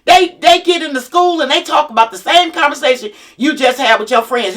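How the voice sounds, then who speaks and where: A woman's voice: high-pitched, expressive, a little fast, a bit bright. A woman, a mother of grown children, giving a blunt, plain-spoken motivational talk to single parents.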